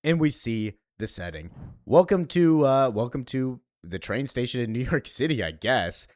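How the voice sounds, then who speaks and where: A man's voice: mid-range voice, lively intonation, normal speed, darkish tone, no echo, studio quality. A man giving chatty, loose commentary on a comic he reads along, with fillers and asides. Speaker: comic book reviewer.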